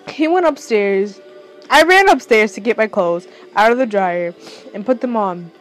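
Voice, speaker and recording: A woman's voice: medium pitch, animated, measured pace, soft background music, poor audio. A woman reading her fan fiction story aloud with a stuffy nose from crying, stumbling over words and correcting herself as she goes. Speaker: amateur story reader.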